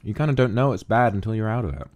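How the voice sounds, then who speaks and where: A man's voice: lowish voice, animated, racing, a little mellow. A man chatting casually on a livestream, reading viewer donations and calling them darling. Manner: affectionate, calls viewers darling.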